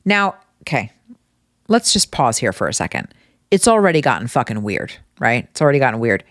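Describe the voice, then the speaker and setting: A woman hosting her own podcast, telling funny stories in a casual, animated way and swearing freely. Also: deep voice, dry recording, studio quality. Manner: animated, profane, exasperated storytelling. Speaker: podcast host. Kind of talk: casual comedic storytelling.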